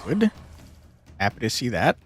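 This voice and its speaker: Faint music plays as this young card-game streamer talks a little slowly in a slightly rough, sing-song, medium-pitched voice. He chats with viewers between moves, swears constantly, and vents at difficult fights with frustrated outbursts and laughs.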